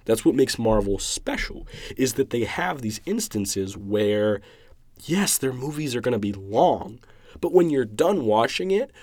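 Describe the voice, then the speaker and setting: Hosting his own show, a young man talks through a film review unhurriedly, his mid-range, slightly mellow voice swinging widely in pitch. He's eager, emotional, and rambling, with many restarts, and the recording is dry.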